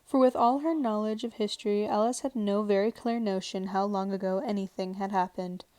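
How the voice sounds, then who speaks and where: A woman narrating a storybook aloud in a calm, even read-aloud manner. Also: mid-range voice, brisk, dry recording. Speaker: audiobook narrator. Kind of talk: storybook reading. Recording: dry home recording. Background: faint television sound.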